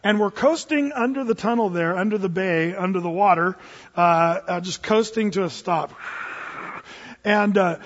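A middle-aged man with a fairly high, husky voice tells a long story in a loose, rambling way, stumbling over restarts and fillers. He sounds far away in a big, echoing hall, and the recording is dull and muffled. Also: moderate pace. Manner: rambling, lots of fillers and restarts, acts out quotes. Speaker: speaker telling a personal story. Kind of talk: anecdotal storytelling.

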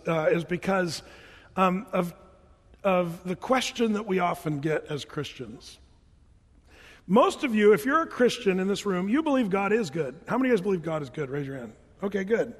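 A man preaching a sermon as a pastor, chatty and animated, sometimes chanting scripture lines. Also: sits high, brisk. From Oregon. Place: church hall. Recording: reverberant church hall.

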